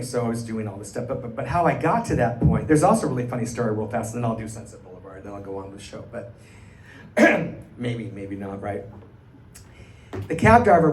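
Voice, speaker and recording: A middle-aged man, a cabaret performer, telling an animated anecdote to a live audience and acting out the people in it. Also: medium pitch, distant mic. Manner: animated, chatty, acts out the people in his stories. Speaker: cabaret singer and storyteller. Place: small arts venue stage, live audience. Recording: roomy live stage sound, faint room noise.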